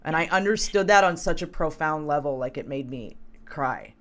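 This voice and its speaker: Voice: medium pitch, expressive, normal speed, a bit bright. A host talking casually and reflectively, often stumbling and repeating words. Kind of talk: casual spiritual talk.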